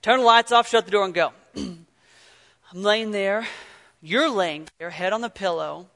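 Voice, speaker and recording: A man preaching an earnest sermon, telling stories and swinging from loud emphasis to near-whisper. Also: high voice, unhurried, big-room sound. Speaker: pastor.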